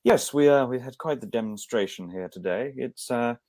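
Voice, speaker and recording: A man voicing a stolid, staunch, matronly older woman who leads suffrage campaigners, in a brisk and commanding manner. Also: medium pitch, a little mellow, no room sound, voice pushed up, lightly acted. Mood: stern.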